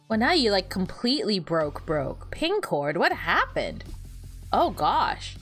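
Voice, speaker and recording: A young woman VTuber streamer chatting casually while she fiddles with her setup, animated and giggly, often repeating words and laughing at her own jokes. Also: mid-range voice, slow pace, faint music behind. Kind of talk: casual livestream chat.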